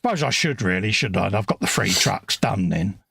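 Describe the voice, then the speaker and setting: A man's voice: lowish voice, expressive, fairly quick, gravelly, bright, forceful tone, breathy edge, dry recording, clean studio sound. A man, co-hosting a live stream in a laid-back, chummy way with casual slang. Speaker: livestream co-host. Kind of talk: casual chat.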